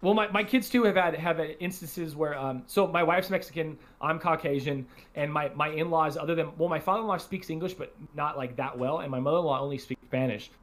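A man's voice: on the high side, brisk, hardly any pauses. A man in his thirties hosting a podcast, telling family stories in casual chat, laughing and swearing freely. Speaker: podcast host.

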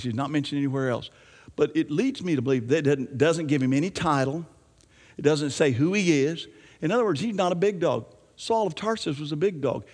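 A man preaching a sermon as pastor, animated, swinging between hushed asides and raised, emphatic lines. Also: mid-range voice, big-room sound. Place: church.

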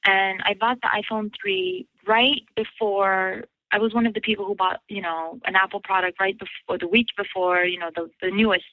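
A woman's voice: medium pitch, steady tone, normal speed, few pauses, no echo. Giggly woman calling in, muffled. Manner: giggly, rambling, lots of fillers. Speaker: caller. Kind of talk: casual chat.

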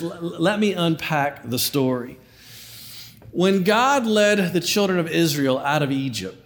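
High-voiced playful preacher man. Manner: playful, conversational, repeats words as he builds. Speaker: pastor. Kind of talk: sermon.

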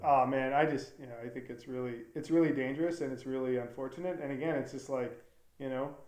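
A man's voice: mid-range voice, fairly even intonation, fast talker, darkish tone. A man who makes documentaries, talking in a casual interview. He rambles earnestly and fills his speech with fillers and restarts. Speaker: documentary filmmaker. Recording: roomy echo.

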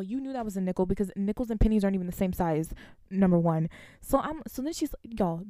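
A young woman, a college student, venting to her viewers in casual storytime chat, animated and laughing between lines. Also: mid-range voice, no echo, studio quality. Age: young adult.

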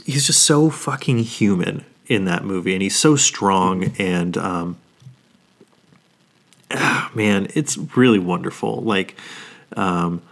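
A man in his thirties with a low voice talks casually as a podcast co-host. He drops swear words all the time and gets openly emotional over favorite movies. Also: slow, creaky, a bit bright. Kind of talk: casual chat.

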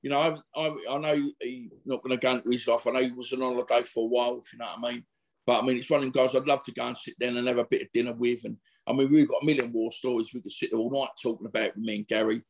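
A man's voice: medium pitch, fairly even intonation, rapid-fire. A middle-aged man, a former boxer telling rambling, slangy stories in a casual interview. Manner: chatty, rambling, laddish slang with frequent fillers.

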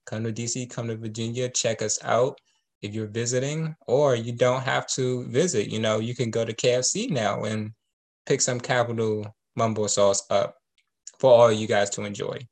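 A man's voice: mid-range voice, fairly even intonation, moderate pace. A man, laid-back and joking in casual chat.

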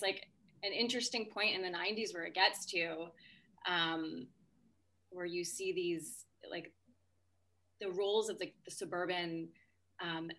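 A woman's voice: lowish voice, pushed and bright. A woman in casual discussion on a podcast, talking in a chatty way with many fillers and restarts.

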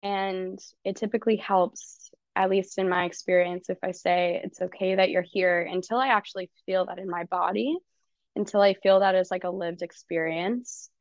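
A woman coach talks loosely and candidly, dropping swear words and slipping into quoted self-talk. Her voice sits at an ordinary pitch. The sound is dry and a little muffled. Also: fairly even intonation, moderate pace, no echo. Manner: chatty, swears freely, acts out inner dialogue. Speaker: coach and guest. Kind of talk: casual podcast conversation.

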